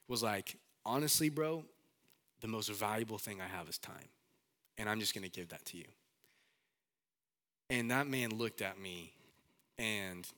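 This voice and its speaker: A young man, a pastor, preaching a sermon with animated storytelling and candid asides. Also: on the low side.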